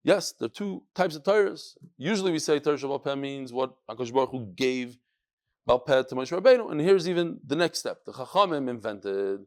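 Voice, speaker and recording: A man with a medium-pitched voice teaches a Daf Yomi Talmud class at a fairly quick clip. He speaks yeshivish English sprinkled with Hebrew and Yiddish terms, animatedly acting out the text's dialogue in raised voices.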